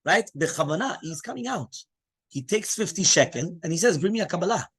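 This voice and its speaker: Husky high-voiced rabbi teaching. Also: male voice, fast talker. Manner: animated teaching, mixing English with Hebrew terms. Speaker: rabbi teaching a Torah class. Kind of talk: lively Torah class.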